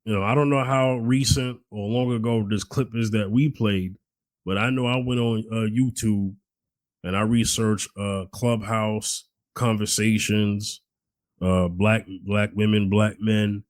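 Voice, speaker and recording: Male podcast co-host: casual, halting delivery, dry sound. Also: fairly low pitch, fairly even intonation, no echo, rough recording. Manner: conversational, many fillers and restarts. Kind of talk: casual chat.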